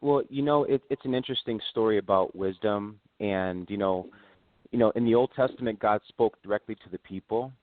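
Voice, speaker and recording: A man's voice: on the low side, fairly quick, no room sound. A man, a church singer and guest, speaking thoughtfully in a casual chat. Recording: tinny phone-like dry line.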